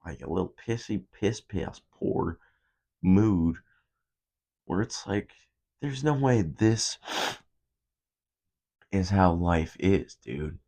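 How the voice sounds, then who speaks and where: A man's voice: sits low, expressive, takes it slowly, long pauses, dark tone. A young man hosting a podcast, telling a rambling, profane story in a casual monologue. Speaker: podcast host.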